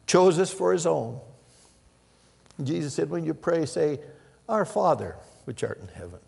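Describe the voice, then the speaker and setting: An older male pastor delivers a sermon with a gravelly, somewhat husky voice. He tells stories, rising to loud emphatic lines and dropping to soft, hushed ones. The sound carries a long reverb from a large hall. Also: mid-range voice. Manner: storytelling, swings from loud emphasis to hushed near-whispers.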